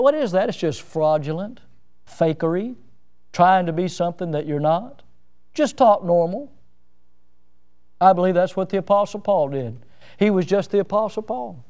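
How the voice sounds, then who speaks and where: A man preaching a sermon in a high, smooth, resonant voice. He is middle-aged and talks in a folksy, down-to-earth way. His delivery is animated and often pokes fun at himself. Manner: folksy, self-mocking humor with lively emphasis.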